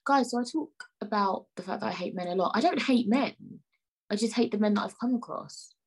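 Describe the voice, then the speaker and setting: A woman's voice: mid-range voice, fairly quick, husky. A young woman hosting her own podcast, chatting in a rambling, playfully indignant way and sometimes dropping into near-whispered asides. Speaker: podcast host. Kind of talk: casual solo podcast chat.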